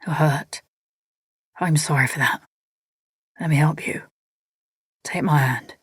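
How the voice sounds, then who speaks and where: A woman reading an audiobook, voicing a gruff, irate grown man in a lower, rougher voice. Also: takes it slowly, dry recording, studio quality, heavily acted. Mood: gruff, gentler. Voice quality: gruff, low. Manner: terse, growled through clenched teeth. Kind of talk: audiobook character voice.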